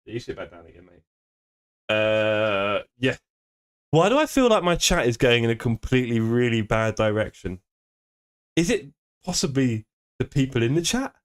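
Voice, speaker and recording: A man talking casually into a desk microphone at home while streaming a racing game. His banter with viewers is loose and joking, and he laughs often, with a pitch in the ordinary middle for a man. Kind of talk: casual live-stream chat reading viewer comments.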